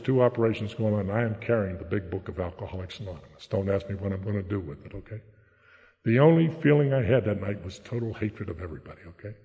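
A man's voice: lowish voice, darkish tone. Older man from Pittsburgh area, blunt recovery-meeting speaker, keeps asking "okay?"; echoey hall, dull lo-fi. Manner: blunt, plain-spoken, tags lines with "okay?". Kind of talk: personal recovery testimony.

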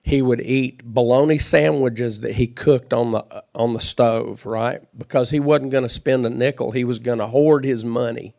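A man's voice: medium pitch, fairly even intonation, normal speed, vocal fry, few pauses, mellow. A middle-aged man telling his recovery story in a folksy, chatty way, laughing at himself. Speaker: recovery meeting speaker. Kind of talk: personal storytelling talk.

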